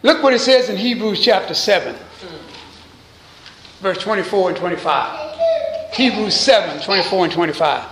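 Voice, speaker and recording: A man preaching a sermon as pastor, pausing to quiz his congregation with call-and-response questions. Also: sits high, sing-song, fairly bright tone, reverberant, a little hiss or hum, rough recording. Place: church.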